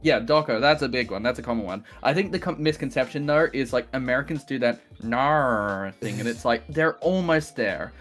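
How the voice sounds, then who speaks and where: A man's voice: mid-range voice, brisk, hardly any pauses, fairly bright tone, faint music behind. Rambling Australian man on a stream. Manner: rambling, swears freely, laughs often. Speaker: guest. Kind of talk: casual chat on a stream.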